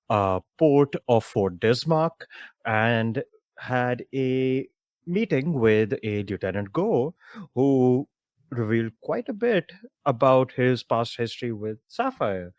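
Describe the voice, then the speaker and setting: A man running a tabletop game as game master, recapping the story in a relaxed way with fillers. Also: medium pitch, dry recording. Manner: relaxed, loose narration with fillers.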